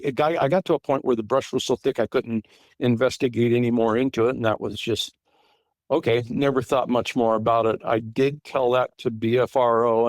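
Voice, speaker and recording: This casual interview features a middle-aged man from California as a guest witness, recalling an encounter over a remote call. His mid-range voice has a darkish tone and no echo, and he rambles, frequently starting sentences over and using plenty of fillers.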